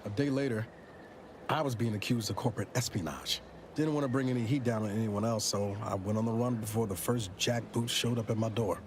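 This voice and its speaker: A man's voice: lowish voice, fairly quick, a crowd in the background, lightly acted. A man playing a weary, wry space agent. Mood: wistful. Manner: dry, wry and reflective. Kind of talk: game dialogue. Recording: game audio with music behind.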